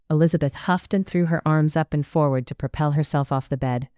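Audiobook narrator, measured storytelling, smooth clear voice, dry close sound. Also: mid-range voice, dark tone, no room sound. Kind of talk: scripted narration.

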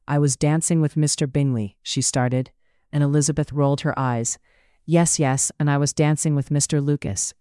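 Smooth, dry-sounding storybook narrator. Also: medium pitch, a little mellow, dry recording. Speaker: audiobook narrator.

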